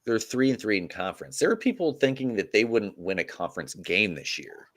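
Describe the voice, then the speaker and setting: A man's voice: fairly low pitch, sing-song, brisk, fairly bright tone. A young man with an American Midwest accent co-hosting a casual sports podcast, laid-back and agreeable. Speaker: podcast co-host.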